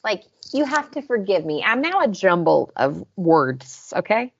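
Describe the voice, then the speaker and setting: A woman's voice: mid-range voice, big pitch swings, unhurried, gravelly, dull audio, slight background noise. A woman with a Southern US accent, co-hosting a podcast in casual chat, going over scenes in detail. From American South. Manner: chatty, recaps scenes in detail. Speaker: podcast co-host.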